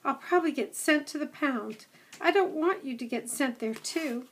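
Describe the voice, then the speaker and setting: A woman voicing a timid young dog who is anxious and gentle, speaking in a fretful, whimpering way. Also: sits high, lively intonation, moderate pace.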